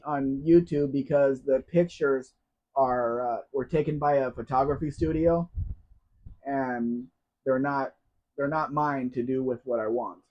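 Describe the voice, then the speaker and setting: A man from the United States with a medium-pitched, slightly mellow voice hosts a relaxed live Q&A. The American streamer chats and reads out viewer comments, and the sound quality is dull and lo-fi.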